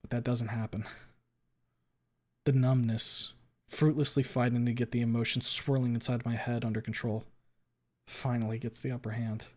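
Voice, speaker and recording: A man streaming a first-person story reading, dramatic and expressive, with sudden loud outbursts. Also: mid-range voice, normal speed, long pauses.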